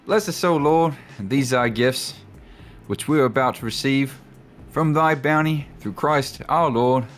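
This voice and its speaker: A man's voice: mid-range voice, unhurried, faint music behind, pitched above the performer's own voice, lightly acted. A man voicing an adventurer with an Australian accent, reciting grace in a solemn, sing-song way.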